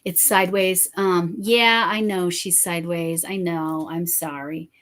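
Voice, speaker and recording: A woman hosting a casual livestream, chatty and quick to laugh, talking to a camera on a tripod at her desk. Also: lowish voice, steady tone, fairly bright tone. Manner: chatty, laughs often, fidgety and restless. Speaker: crochet livestream host.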